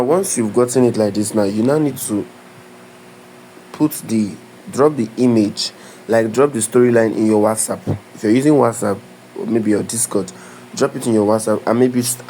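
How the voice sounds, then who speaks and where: This tutorial creator's voice sits on the low side and is a little mellow, caught on a rough recording with slight background noise. Walking viewers through a live screen-share lesson step by step, he talks in a loose, instructive way, restarting and repeating phrases and pausing again and again to check "do you understand?"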